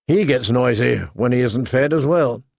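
A man's voice: medium pitch, moderate pace, vocal fry, no echo, clean studio sound, natural voice. Man reading a dutiful young steward. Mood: respectful. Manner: respectful, brief replies.

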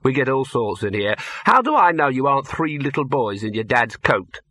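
A man's voice: medium pitch, very animated, normal speed, sharp tone, no echo. A man voicing a curt, scornful young woman selling tickets. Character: sniffy grudging young woman ticket seller.

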